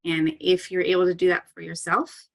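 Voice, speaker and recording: Low-voiced chatty woman guest. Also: flat delivery, normal speed, gravelly. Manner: chatty and earnest, many "um" and "like" fillers, light laughs. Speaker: parkour coach, interview guest. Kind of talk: casual interview talk.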